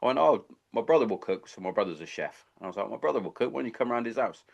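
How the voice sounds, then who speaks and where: Man, podcast host, low voice, casual chat, swears a lot, rambling stories. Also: lively intonation, racing, vocal fry, muffled recording. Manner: swears freely, rambling anecdotes.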